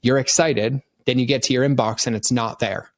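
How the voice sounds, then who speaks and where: A middle-aged man on a podcast, explaining marketing ideas in an animated, conversational way and slipping into quick voices for the customers in his stories. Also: medium pitch, no echo, studio quality. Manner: animated storyteller acting out customers in quoted voices. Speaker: podcast guest, marketing consultant.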